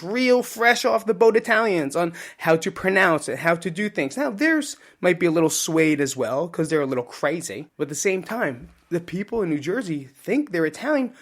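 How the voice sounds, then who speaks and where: A man in his thirties talks alone into the mic in a loose, wandering way, joking and swearing casually. His voice sits a little higher than most men's. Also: fairly bright tone. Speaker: podcast host. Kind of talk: casual solo podcast monologue.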